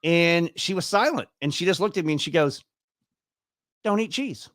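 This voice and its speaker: A man in his fifties, appearing as an interview guest, tells his own story in a chatty, casual way and acts out the dialogue he quotes. His voice sits on the high side and is fairly quick and a bit bright, captured in clean studio sound with no room echo.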